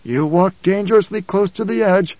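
A man's voice: high voice, moderate pace, darkish tone, no room sound, dull audio, pitched above the performer's own voice, lightly acted. A man voicing a stern, menacing older noble adviser.

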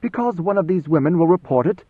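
A man voicing an angry, defiant male guard commander who mocks and challenges, in a loud raised voice. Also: a little high, expressive, fast, dry recording, pitched above the performer's own voice. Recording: tinny phone-like band, dry.

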